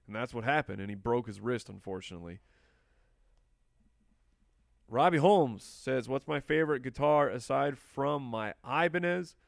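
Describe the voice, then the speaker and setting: A man with a gravelly, fry-tinged voice at a middle pitch talks casually through a live stream, answering viewer questions as he goes. The sound is close and dry, with no room around it. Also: expressive, moderate pace, no echo. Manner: chatty, answers viewer questions while drafting. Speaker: fantasy football podcast host.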